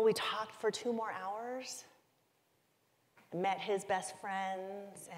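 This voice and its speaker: A middle-aged woman giving a keynote talk, telling a personal story in a confessional, emotive way with deliberate pauses. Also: medium pitch. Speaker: keynote speaker. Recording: long hall reverb.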